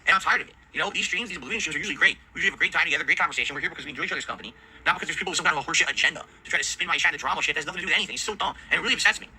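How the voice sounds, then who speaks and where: A man's voice: fairly high pitch, racing, bright, forceful tone, husky, poor audio. A man streaming from his home setup, ranting angrily, swearing heavily and sounding exasperated. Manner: heavily profane, exasperated, rants. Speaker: video game streamer. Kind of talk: angry ranting commentary.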